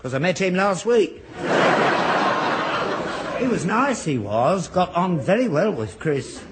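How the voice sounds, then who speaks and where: A man's voice: high voice, big pitch swings, takes it slowly, heavy background noise. An older man in a British radio sitcom, playing an earnest, gullible father who grows indignant when mocked.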